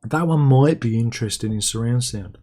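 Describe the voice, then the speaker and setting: A man's voice: medium pitch, brisk, warm tone. A man hosting a casual livestream, reading out viewer comments with wry, rambling asides. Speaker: livestream host.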